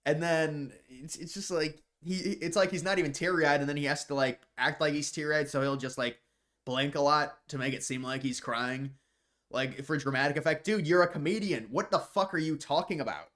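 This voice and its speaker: A man's voice: fairly high pitch, moderate pace, fairly bright tone. A man hosting a live stream, answering viewer questions in casual chat, rambling and repeating words as he starts sentences, with scornful mocking asides. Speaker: livestream host reading viewer questions.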